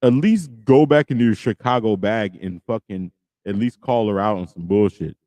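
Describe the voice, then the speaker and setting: A man's voice: on the low side, moderate pace, mellow, dry recording. A middle-aged man hosting a podcast, ranting and swearing heavily as he reacts to a clip. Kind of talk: heated reaction commentary.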